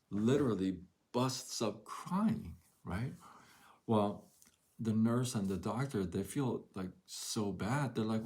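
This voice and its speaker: A man's voice: low-pitched, darkish tone. A man hosting a live motivational talk, telling a story and asking rhetorical questions. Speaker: host.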